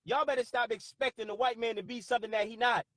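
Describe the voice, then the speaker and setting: A man hosting a talk stream with callers, speaking in a profane, forceful, preachy way. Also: very high-pitched, fairly even intonation, fast talker, over a noisy crowd. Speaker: host.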